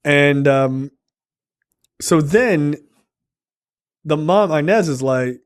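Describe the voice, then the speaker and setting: Man with a slightly high voice, swearing freely. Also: extremely slow, pauses often. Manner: profane, retells scenes with lots of fillers. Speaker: podcast co-host reviewing a film. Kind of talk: casual chat.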